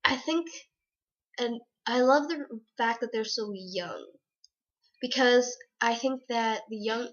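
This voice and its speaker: A young woman chats through a casual book review, gushing and giggling as she goes. Her voice sits a little high. The recording is dull and lo-fi, like a basic webcam mic.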